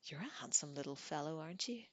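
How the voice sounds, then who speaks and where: A woman's voice: deep voice, lively intonation, fast talker, no room sound. A woman voicing a playful, confident young woman who talks in a coaxing, teasing way, as in an audiobook reading.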